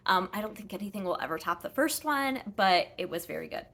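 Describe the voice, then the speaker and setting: A woman's voice: medium pitch, expressive, fairly quick, a bit bright. A woman chatting casually through her monthly book reviews, rambling with frequent ums and self-corrections. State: a little out of breath.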